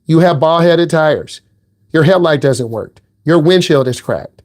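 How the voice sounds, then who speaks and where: A middle-aged Midwestern man gives a driving lesson, his voice slightly high, a bit slow, and somewhat dark in tone. As the instructor, he talks casually and bluntly, teasing his student in a direct way.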